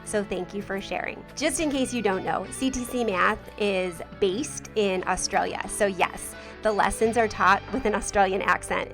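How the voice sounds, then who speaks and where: A woman podcast host talking in a chatty, enthusiastic way. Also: mid-range voice. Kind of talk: podcast ad read and talk. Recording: music bed behind voice.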